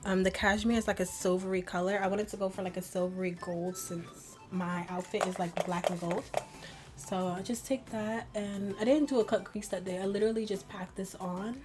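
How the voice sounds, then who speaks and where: A woman's voice: mid-range voice, fairly even intonation, normal speed, over music. A young woman chatting and venting while doing her makeup at home, rambling with many fillers. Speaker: beauty vlogger. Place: home bedroom at a vanity.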